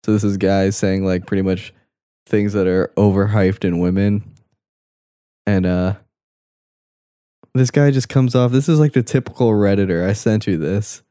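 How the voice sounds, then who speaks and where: A man's voice: lowish voice, fairly even intonation, normal speed, long pauses, warm tone, no room sound, clean studio sound. A young man co-hosting a crude, casual podcast chat, laughing often and mocking posts he reads out. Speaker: podcast co-host.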